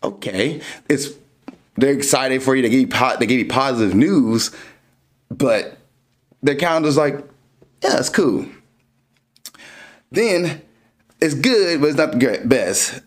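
A man with a medium-pitched voice speaks at a moderate pace while hosting a dating podcast. He casually explains ideas using everyday examples and grows animated when acting out scenes.

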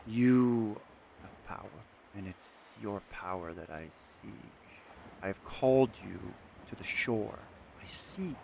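A man playing a grieving, obsessive woman artisan, pleading at times and loudly demanding at others. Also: lowish voice, slight background noise. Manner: pleading, then loud and demanding.

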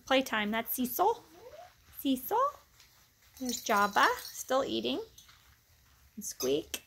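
A woman dog breeder filming her puppies, chatting casually to viewers and praising the pups in a high sing-song voice. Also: big pitch swings, slow, vocal fry, long pauses, fairly bright tone, slightly rough. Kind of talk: casual vlog narration while filming puppies.

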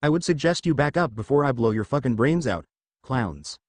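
Guy reading a cocky nasty warrior dude threatening people, lively pitch, dry sound. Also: normal speed, no echo, close to an everyday voice. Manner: arrogant and threatening. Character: arrogant ruthless male warrior, possessed.

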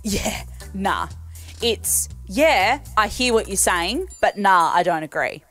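A woman explains local sayings in a blunt, cheeky voice of medium pitch and swears without a second thought. Faint music plays quietly under her voice. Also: animated, measured pace. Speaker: video creator explaining slang. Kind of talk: casual explainer chat.

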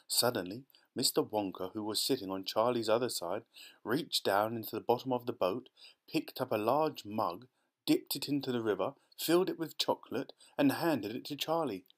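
A man narrates a children's storybook aloud, reading steadily with plenty of expression. His pitch sits in a middle range for a man. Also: normal speed. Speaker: audiobook narrator.

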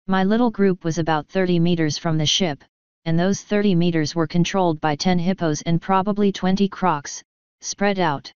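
A woman's voice: on the low side, fairly even intonation, normal speed, a little mellow, smooth, no room sound. A woman steadily reading a first-person fan story aloud. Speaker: fanfiction reader. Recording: slightly muffled recording.

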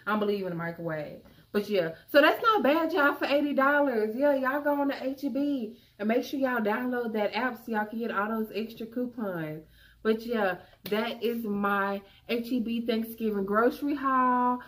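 A woman's voice: a little high, moderate pace. A young woman chatting casually to viewers about her grocery haul, calling them y'all. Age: young adult. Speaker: vlogger.

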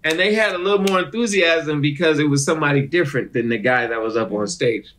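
A middle-aged man, a comedian guest telling animated stories in a casual interview. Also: fairly high pitch, fast talker. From Detroit, USA. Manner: animated storyteller who acts out other people's voices.

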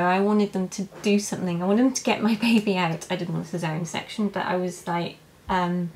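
A young woman telling her birth story in a vlog, halting and emotional, with many fillers and restarts. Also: lowish voice, slight background noise, rough recording. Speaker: vlogger. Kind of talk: personal birth story, casual.

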